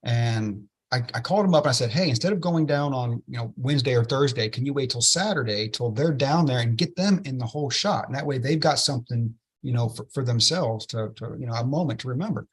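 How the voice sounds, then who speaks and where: A man, an interview guest telling a story with excitement and many "right?" tag questions. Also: mid-range voice, fast talker, few pauses, breathy edge. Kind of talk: enthusiastic storytelling in a podcast interview.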